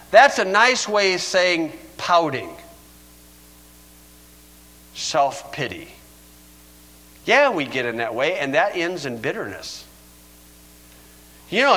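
High, bright-voiced older preacher. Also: male voice, rough recording. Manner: folksy, storytelling, chuckles often. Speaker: pastor. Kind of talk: sermon.

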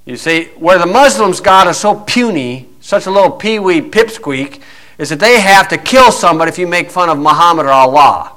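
A man preaches bluntly and scornfully, chatty and folksy, with plenty of fillers. His voice sits high for a man and sounds bright and forceful. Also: lively intonation, moderate pace, poor audio.

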